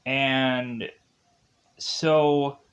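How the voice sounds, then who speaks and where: A man's voice: medium pitch, fairly even intonation, very slow, fairly bright tone. A man reviewing a film, retelling the plot in a rambling, casual way with many fillers.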